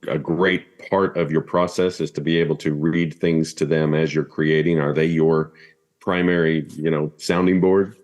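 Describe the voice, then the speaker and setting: A man's voice: a bass voice, flat delivery, moderate pace, darkish tone. A man hosting a casual interview podcast, who often restarts his questions as he asks them.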